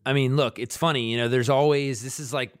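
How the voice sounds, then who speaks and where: Recorded cleanly in a studio with no room sound, a man with a steady, mid-range voice speaks a little fast. He's a podcast co-host in casual chat, rambling and reflecting on himself, often restarting his sentences.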